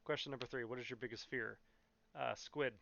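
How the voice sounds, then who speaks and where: Brisk and steady, a young Californian YouTuber rambles through a casual question-and-answer video, heavy on fillers and plain swearing. His medium-pitched voice has a sharp edge and some vocal fry, and the recording is dry, dull and muffled with no echo.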